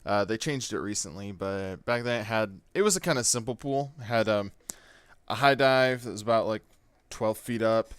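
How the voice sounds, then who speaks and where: A man's voice: lowish voice, normal speed, fairly bright tone, smooth, no echo. A man casually telling a personal story, rambling with lots of fillers and swearing. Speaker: gaming YouTuber.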